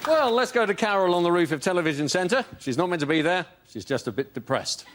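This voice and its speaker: A man's voice: high voice, lively intonation, quick pace. A man with speech doing blunt, sweary mock weather-forecast gags on a comedy panel show. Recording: studio audience and noise.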